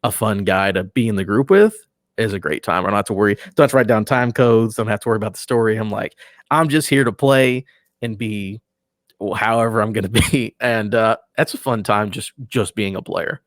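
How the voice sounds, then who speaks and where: A relaxed, enthusiastic man talking as a guest in a casual podcast interview, his phrases often trailing off softly. His voice sits somewhat low. The sound is close and dry, with no room around it. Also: a little fast, no echo.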